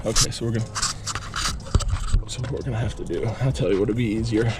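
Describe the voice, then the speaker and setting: A man's voice: lowish voice, fast talker, noisy background. A man talking through a repair on his truck while he works, rambling and out of breath from being sick, recorded on an action camera with music behind. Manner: rambling, self-interrupting, talks to the camera. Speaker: car repair vlogger. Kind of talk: casual how-to narration while working.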